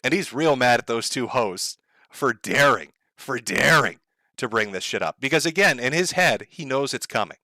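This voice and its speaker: A man's voice: medium pitch, animated, normal speed, sharp tone, no room sound, studio quality. A man giving mocking, profane online commentary, sarcastic and laughing at his own jokes.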